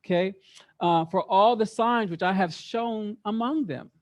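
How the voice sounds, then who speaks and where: A man leading an interactive Bible study, reading verses aloud and quizzing his group in a lively way, often repeating words for emphasis. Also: high voice, a little slow. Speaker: teacher.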